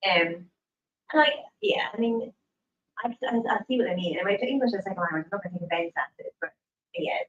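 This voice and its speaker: Lively woman host, distant in a roomy space. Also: fairly low pitch, lo-fi sound, slight background noise. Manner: chatty, quick agreeing replies. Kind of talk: live chat with a guest. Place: shop tasting room.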